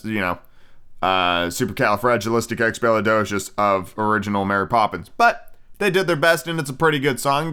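A young man riffing on his own podcast, loose and rambling, dropping swear words and stopping to restart his sentences. His voice is smooth and resonant, sitting at an everyday middle pitch. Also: a bit bright. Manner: rambling, profane, self-interrupting. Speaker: podcast host. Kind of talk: casual solo podcast review.

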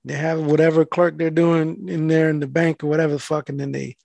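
A man's voice: a little high, level tone, brisk, gravelly, a little mellow, no echo. A man who works as a mail carrier, telling a rambling story in casual chat and swearing freely.

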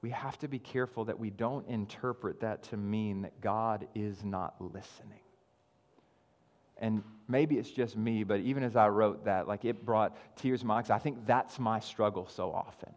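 A man preaching a sermon as pastor, earnest, often repeating words and swinging between loud emphasis and quiet asides. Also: fairly low pitch, moderate pace, big-room sound.

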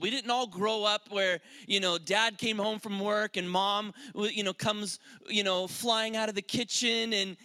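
A man's voice: sits high, bright, forceful tone. A man preaching a sermon at a church service, earnest and conversational, with frequent restarts and fillers. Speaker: pastor.

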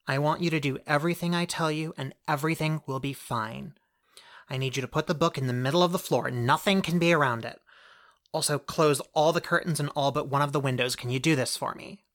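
Low-voiced calm exorcist type, firm and steady, reassuring , woman acting it. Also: a little fast, close to an everyday voice. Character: calm firm woman guiding a ghost banishing. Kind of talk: audio drama acting.

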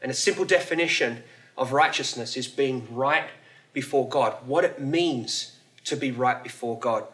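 A man's voice: medium pitch, normal speed, fairly bright tone. A male pastor giving a casual, conversational sermon at a church service. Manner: casual, conversational preaching with fillers.

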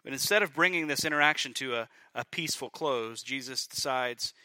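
A male pastor preaching a sermon, emphatic, building to loud peaks and dropping to quiet lines. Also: mid-range voice, brisk, few pauses, dry recording.

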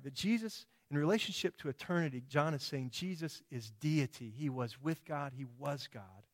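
A man preaching a sermon, emphatic, with many rhetorical questions and quoted voices. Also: a little high.

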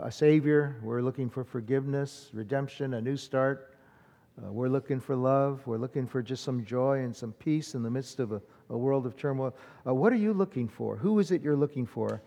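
A man preaching an Easter sermon, with a relaxed, mellow tone and a conversational pace full of small fillers. His voice rings out through a church with a long reverb tail. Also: medium pitch, vocal fry. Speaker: pastor. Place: church sanctuary.

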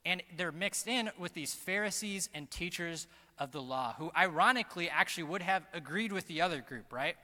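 Bright-voiced man preaching in a reverberant hall. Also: sits high, animated. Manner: earnest, emphatic, slows down on key phrases. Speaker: pastor. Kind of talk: sermon. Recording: long reverb of a large hall.

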